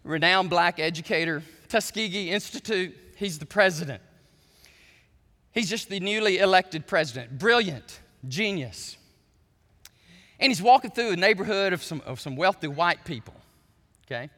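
Preacher guy, high bright voice, storytelling sermon, long church echo. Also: normal speed. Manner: animated storytelling with asides to the audience. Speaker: pastor.

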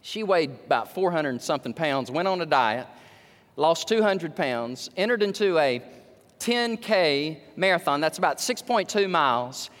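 High-voiced preacher in a reverberant hall. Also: male voice, normal speed. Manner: storytelling, rising to excited emphatic peaks. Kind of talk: sermon.

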